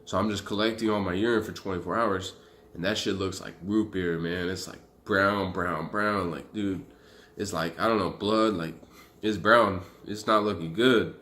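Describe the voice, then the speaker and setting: In a low-pitched voice and at a moderate pace, a young Arizona man recounts his story to camera as a vlogger. He rambles casually, stays animated, and curses freely.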